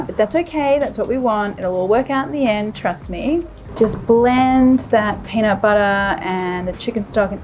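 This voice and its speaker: A woman's voice: mid-range voice, darkish tone, slight background noise. A woman hosting a cooking show, chatty and enthusiastic, talking straight to her viewers as she cooks in a kitchen, laughing easily. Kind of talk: cooking demonstration.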